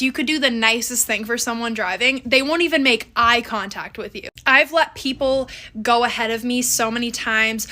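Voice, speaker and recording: A woman's voice: on the high side, bright, forceful tone. A young woman from Canada, chatting to camera as a vlogger in a casual, exasperated way. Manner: chatty and exasperated, with mocking quoted voices. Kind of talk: casual talking-to-camera commentary.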